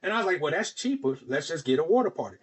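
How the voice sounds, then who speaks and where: A man's voice: on the high side, quick pace, husky. A man on a podcast telling a long personal story in casual chat, acting out the voices of the people in it. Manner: animated, acts out quoted voices. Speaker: podcast host.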